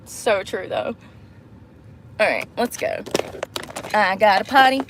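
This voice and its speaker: A young woman vlogging in a casual, candid chat to her viewers, animated and quick to laugh, calling them y'all, girl and baby. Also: mid-range voice, background noise.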